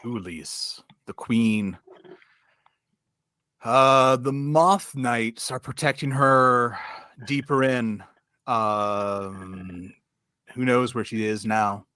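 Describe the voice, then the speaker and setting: A man's voice: drawn-out words, pauses often, sharp tone, no room sound, clean studio sound. A man voicing a weary, bitter old giant knight who mutters and sighs. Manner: low sighing mutter, bitter.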